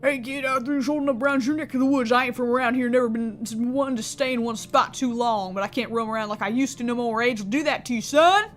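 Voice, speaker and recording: A woman voicing a weathered old male wanderer in a game, with a folksy, rough way of talking. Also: a little high, fast talker, hardly any pauses, faint music behind, natural voice. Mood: gruff.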